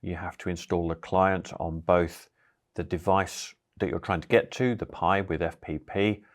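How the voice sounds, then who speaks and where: A man hosting a tech tutorial, explaining network setup in a relaxed, casual way with some fillers. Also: low voice. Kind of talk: casual screen-recorded tutorial.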